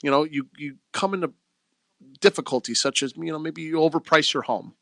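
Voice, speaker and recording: Man, bright forceful voice, dry close studio sound, emphatic radio talk. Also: fairly high pitch, fairly quick, gravelly, no echo. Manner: emphatic, plain-spoken sales talk. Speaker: real estate agent. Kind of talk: radio talk show chat.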